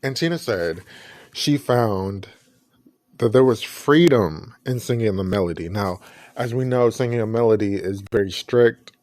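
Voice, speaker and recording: A man's voice: lowish voice, lively intonation, a little slow, darkish tone, no room sound. A man hosting his own podcast, talking earnestly and reflectively and often restarting his sentences. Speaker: podcast host. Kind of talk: personal podcast commentary.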